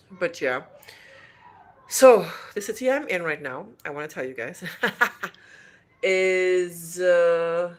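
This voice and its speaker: A woman from Trinidad and Tobago with a faint Trinidadian accent, hosting a casual livestream from a hotel room and answering viewer questions in a chatty, rambling way. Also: low-pitched. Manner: chatty and rambling, with many restarts. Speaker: livestream host.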